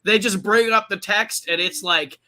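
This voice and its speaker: Bright-voiced, irreverent male podcast host. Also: high voice, normal speed, slight background noise. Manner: profane, irreverent, animated storytelling. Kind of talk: casual comedic plot recap.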